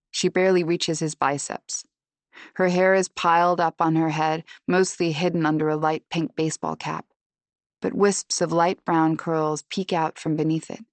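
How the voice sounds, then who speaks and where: Low-voiced woman narrating an audiobook. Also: no echo. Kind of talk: first-person audiobook narration.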